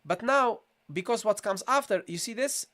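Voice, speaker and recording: A man teaching a live online recitation lesson, patiently repeating questions to viewers and modelling sounds slowly. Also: sits high, lively intonation, bright, forceful tone.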